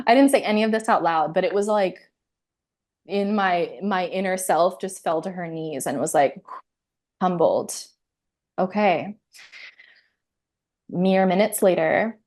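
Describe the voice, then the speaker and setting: Lively woman telling a personal story. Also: medium pitch, moderate pace, long pauses. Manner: animated, laughs often, acts out her own inner voice. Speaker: interview guest.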